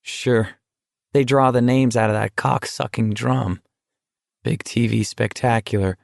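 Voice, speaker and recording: A man's voice: medium pitch, fairly even intonation, a little slow, gravelly, no echo, clean studio sound. A man voicing a wry, bitter teenage boy in a deadly walking contest, blunt and coarse in speech.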